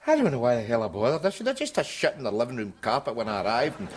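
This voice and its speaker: Rapid-fire and very animated, a man with a natural mid-range voice portrays a scruffy, crude middle-aged Glaswegian in sitcom acting. He jeers at people with sarcastic asides; the TV clip carries music and slight background noise.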